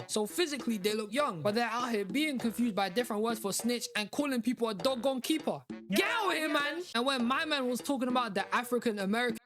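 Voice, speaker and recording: A man from London with a London accent giving scripted comedic commentary, incredulous and jumping up in pitch on his punchlines. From London, England. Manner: animated, incredulous, rises sharply on punchlines. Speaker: video narrator. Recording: voice-over with music underneath.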